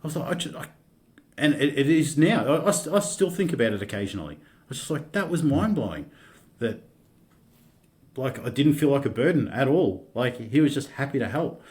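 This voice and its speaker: A middle-aged Australian man shares his story as a podcast guest, at a pitch typical for a man. He talks in a halting, candid way, restarting sentences and swearing now and then. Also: big pitch swings, a little mellow.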